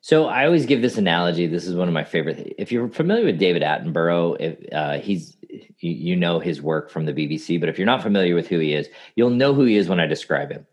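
A man with a very low, deep voice speaks in a relaxed podcast chat. He tells lively stories with energy and explains his ideas to listeners in plain, friendly terms. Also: fast talker. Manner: storytelling, animated anecdotes. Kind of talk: casual podcast conversation.

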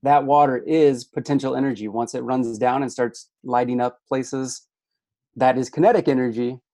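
A man's voice: mid-range voice, fairly even intonation, normal speed, warm tone, no echo, clean studio sound. A man with a Midwestern accent, a podcast guest and hydrologist, rambling through playful explanations. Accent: Midwestern American. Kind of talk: casual podcast chat.

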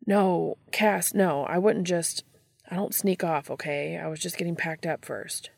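A woman's voice: on the low side, steady tone, measured pace, creaky, no room sound. Dean, a woman doing a defensive restless hunter. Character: restless, guilty male monster hunter.

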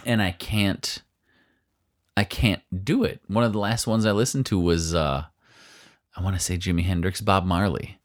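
A man's voice: sits low, steady tone, moderate pace. A man co-hosting a casual podcast chat, rambling, trailing off mid-sentence and laughing often. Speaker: podcast co-host.

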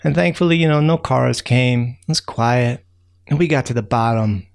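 Man voicing a gravelly, excitable raccoon storyteller. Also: mid-range voice, normal speed, close to an everyday voice. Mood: excited. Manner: rambling, excitable, full of fillers and sound effects. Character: chatty male raccoon telling a tall tale.

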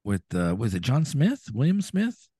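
A man co-hosting a podcast in casual chat, chatty and quick to laugh. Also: husky, no room sound, clean studio sound. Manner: chatty, laughs often, animated pitch swings. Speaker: podcast co-host.

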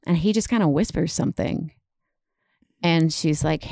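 A woman's voice: sits low, moderate pace, vocal fry, mellow, dry recording, clean studio sound. A woman casually retelling a dramatic story on a podcast, with many fillers.

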